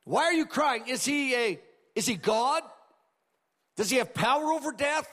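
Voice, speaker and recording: A preacher voicing a tender, probing teacher. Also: male voice, very high voice, moderate pace, voice pushed up, exaggerated voice. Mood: questioning. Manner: calm pastoral questioning. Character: gentle but firm divine teacher, tender and urgent. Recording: long hall reverb.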